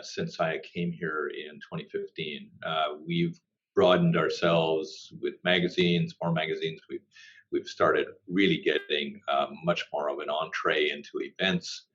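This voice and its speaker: A middle-aged man from Canada, a journalist being interviewed, answering in a measured, thoughtful way with frequent "uh" pauses. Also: sits low, fairly bright tone. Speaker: journalist and publisher, guest. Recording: dull lo-fi audio.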